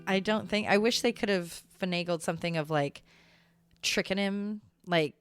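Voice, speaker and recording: A woman's voice: fairly low pitch, moderate pace, soft background music. A woman co-hosting a true crime podcast, chiming in with reactions and blunt asides.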